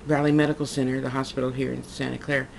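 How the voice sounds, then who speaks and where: A woman's voice: a bass voice, little pitch movement, rapid-fire, creaky, a little hiss or hum. Heartfelt rambling woman vlogging. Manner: rambling, heartfelt, repeats herself. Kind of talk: casual vlog monologue.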